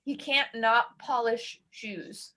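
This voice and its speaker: A woman co-hosting a casual horror-film chat, talking in a chatty, animated way and laughing often. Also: a little high, slow. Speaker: podcast co-host.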